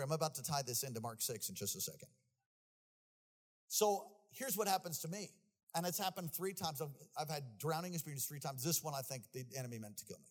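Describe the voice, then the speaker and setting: High-voiced, animated male preacher. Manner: animated storytelling, building to shouts. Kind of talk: sermon.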